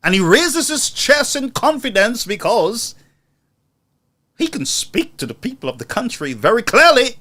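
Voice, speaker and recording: Male host, sharp and mocking, high animated delivery for political commentary. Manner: indignant, mocking, rhetorical.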